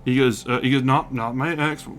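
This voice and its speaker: A man's voice: medium pitch, fairly even intonation, soft background music. Hesitant man running a tabletop game. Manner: halting, hesitant, many fillers and restarts. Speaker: game master.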